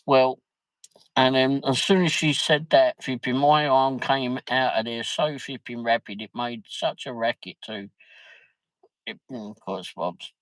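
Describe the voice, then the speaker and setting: On a livestream, a male host chats casually, rambling through a funny anecdote, laughing often and sprinkling in the word "flipping." His voice is medium-pitched and measured in pace, with no echo but poor audio quality.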